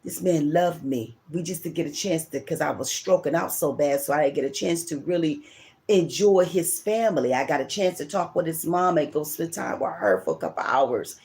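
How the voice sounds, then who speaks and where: A woman's voice: low voice, animated, moderate pace, darkish tone. A middle-aged woman and channel host telling a personal story in a rambling, emotional way, often repeating herself. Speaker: tarot reader and channel host.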